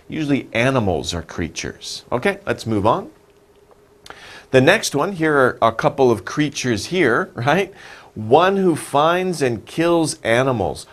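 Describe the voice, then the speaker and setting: Man teaching english words, slow and bouncy, keeps asking questions and repeating stuff. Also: medium pitch. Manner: encouraging, repeats words slowly for practice; asks the listener questions. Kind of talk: vocabulary lesson narration.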